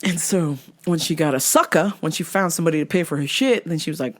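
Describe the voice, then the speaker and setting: A woman hosting a podcast, telling a story in a casual, animated, profane way with loud laughs. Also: sits low, background noise. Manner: animated, profane, laughs loudly, squeals in impressions. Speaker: podcast host.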